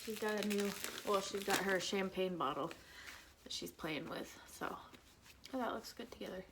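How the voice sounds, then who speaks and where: Doing her makeup at home, a woman vlogger talks openly and vents about her son, who is autistic, in a casual makeup vlog chat. She speaks at a moderate pace in a medium-pitched voice, with some background noise.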